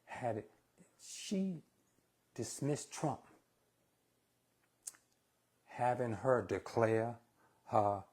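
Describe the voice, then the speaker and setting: A man's voice: mid-range voice, expressive, very slow, pauses often, darkish tone, breathy edge. A man hosting a casual live cooking stream, talking bluntly and opinionated to viewers he calls y'all. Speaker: cooking show host.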